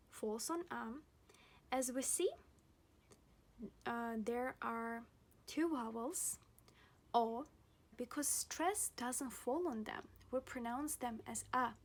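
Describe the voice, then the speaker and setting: A young woman teaching a pronunciation lesson, speaking slowly and deliberately and repeating each example word several times. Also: on the high side. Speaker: language teacher.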